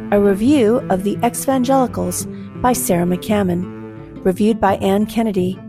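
A woman reading a formal, scripted podcast introduction in a clear announcing manner. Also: medium pitch.

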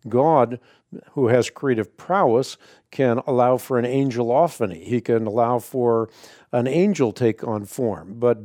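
A man hosting a call-in radio show, explaining scripture to callers in a measured, authoritative way. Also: mid-range voice, dark tone, dry recording, clean studio sound. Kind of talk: call-in Bible answer radio.

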